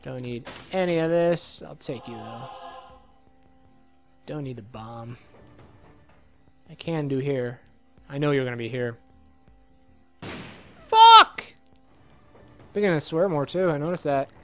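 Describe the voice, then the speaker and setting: A man casually commenting on his own gameplay, excitable and swearing a lot, with a slightly hoarse voice. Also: mid-range voice, unhurried, pauses often, soft background music. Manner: excitable, swears a lot, sudden loud outbursts. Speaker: let's play gamer.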